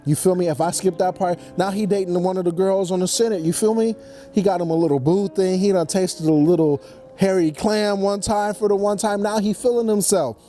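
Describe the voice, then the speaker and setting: Slangy young man ranting, high voice. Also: soft background music. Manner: slangy, animated, acts out characters in quick put-on voices. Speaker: comedy vlogger. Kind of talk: comedic movie recap rant.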